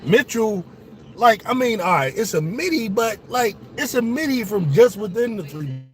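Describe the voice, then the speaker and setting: Excitable man calling a game live. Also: high-pitched, normal speed. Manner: excitable, profane, talks straight to viewers. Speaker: sports show host. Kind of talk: casual live watch-along commentary.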